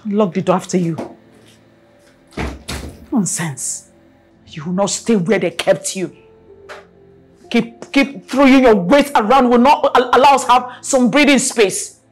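A woman's voice: fairly high pitch, a little slow, pauses often, faint music behind, close to an everyday voice. An actress playing a proud, angry wealthy mother who scolds with a Nigerian accent, often repeating herself. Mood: scolding. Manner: scolding, repeats herself, long dragged words. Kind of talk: Nollywood film acting.

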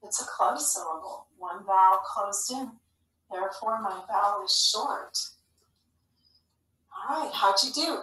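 A woman teaching a phonics lesson to young children, speaking clearly and patiently. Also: mid-range voice, pushed and bright. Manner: slow, clear, patient instructional delivery. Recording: echoey room, mic at a distance.

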